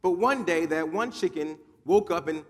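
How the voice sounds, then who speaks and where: A man's voice: on the high side, normal speed. A man from New Jersey giving a motivational speech, telling stories dramatically with emphatic repetition. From Newark, New Jersey, USA. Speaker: motivational speaker. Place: large conference hall. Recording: long hall reverb.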